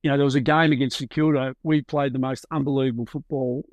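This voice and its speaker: A man's voice: medium pitch, fairly even intonation, fast talker, no room sound. A middle-aged Australian man, a football coach, gives candid, reflective interview answers and searches for his words.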